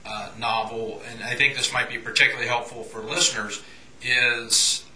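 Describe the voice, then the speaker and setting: A man's voice: medium pitch, steady tone, normal speed, crowd noise. A man hosting an interview, asking questions in a hesitant way with many fillers. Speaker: interviewer host. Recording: echoey room.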